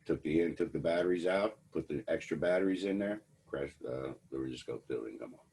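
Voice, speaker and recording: A man's voice: very deep voice, brisk, creaky, a little mellow, slightly rough. A man giving a lecture to students, telling a personal story in a wry, conversational way. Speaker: instructor.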